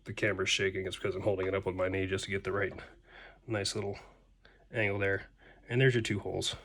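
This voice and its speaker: A fairly low-voiced man walks through a pottery demonstration in a relaxed, folksy manner, tossing in playful sound words as he works. He is recorded on a camera mic in his studio, with a faint hum of room ambience behind him. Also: fast, creaky. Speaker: potter teaching a class. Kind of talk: casual hands-on demonstration.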